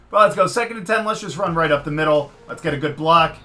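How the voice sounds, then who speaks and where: A man giving live commentary over his own football video game, swinging from muttered frustration to loud excitement. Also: fairly high pitch, fast, few pauses. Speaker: gaming commentator.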